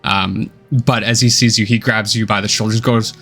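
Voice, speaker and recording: A man narrating a fantasy tabletop game as game master in a relaxed, descriptive way. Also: lowish voice, normal speed, husky, soft background music. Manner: relaxed, descriptive, many uh and kinda fillers.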